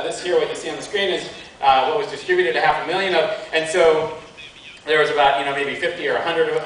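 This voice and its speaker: An American man giving a conference talk, halting, with many fillers and restarts. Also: on the high side, fairly bright tone, a little hiss or hum. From United States. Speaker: conference speaker. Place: large conference hall. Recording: echoey hall, mic from a distance.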